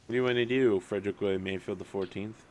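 A man running a tabletop game as game master, describing scenes in a relaxed, joking way and laughing often. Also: on the low side, fast.

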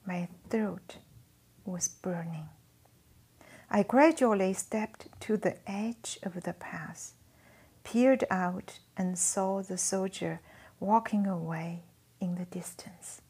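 Slow, hushed woman. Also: medium pitch, slightly rough. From China. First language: Chinese. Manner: hushed, near-whispered reading. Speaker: author reading her memoir. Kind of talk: memoir read-aloud.

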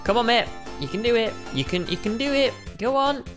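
Excitable guy gaming. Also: very high voice, brisk, music in the background. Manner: excitable and joking, with sudden yelps and laughs. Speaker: gaming channel host. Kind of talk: casual gameplay commentary.

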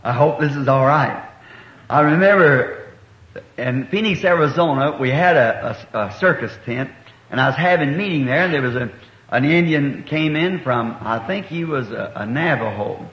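Homespun middle-aged preacher, echoey old tape. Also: male voice, mid-range voice, animated, moderate pace. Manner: homespun and colloquial, with rural grammar and chuckles. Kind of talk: folksy sermon storytelling. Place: church meeting hall. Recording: echoey, dull 1960s meeting recording.

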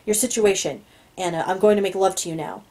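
A woman's voice: medium pitch, brisk, dark tone, rough recording. A woman reading a novel aloud, narrating in the first person in an inward, musing way. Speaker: audiobook reader.

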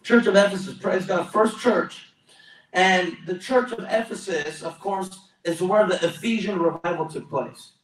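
A man preaching a sermon in a church, his somewhat high voice bouncing around a roomy hall. He stands back from the microphone. He is exclamatory and keeps calling on the congregation to answer him. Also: unhurried. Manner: exclamatory, calls for audience responses. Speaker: pastor. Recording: roomy echo, mic at a distance.

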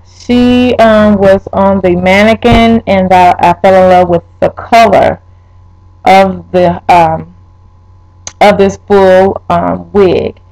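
A young woman vlogging a wig review, talking straight to her viewers, swearing and exasperated, her voice jumping up high when upset. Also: steady tone, slow, a little mellow, poor audio. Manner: pitch leaps when upset. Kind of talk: casual vlog, ranting.

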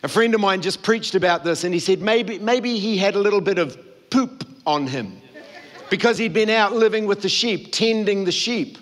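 A man's voice: high voice, normal speed, fairly bright tone. A man preaching a sermon, telling the story and acting out the quoted voices. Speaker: pastor. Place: church hall.

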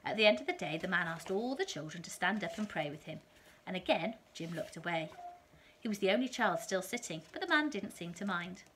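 A woman reading a children's novel aloud in a calm, steady storytelling manner. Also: on the low side, a little fast, a little hiss or hum.

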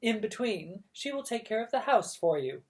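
A woman voicing a rich, bossy elderly great-aunt who issues orders in a loud, haughty way. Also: a little high, lively intonation, moderate pace, voice pushed up, lightly acted. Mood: imperious.

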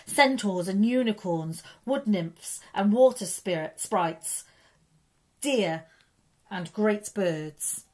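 A woman, a primary school teacher, reading a children's story aloud in an expressive, lively way. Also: medium pitch, takes it slowly.

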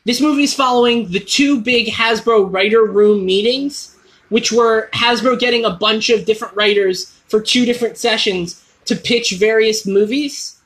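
A man hosting a casual chat, talking quickly and excitedly, often cutting himself off mid-sentence, in a toy store. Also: high-pitched. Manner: rapid, excitable, self-interrupting fan talk. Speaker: host.

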